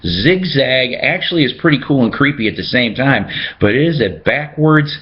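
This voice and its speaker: A man's voice: medium pitch, animated, normal speed. Man, casual collector vlog, reads labels aloud, self-mocking jokes, dull lo-fi audio. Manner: chatty, jokey, reads out record labels. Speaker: record collector host. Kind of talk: casual show-and-tell vlog.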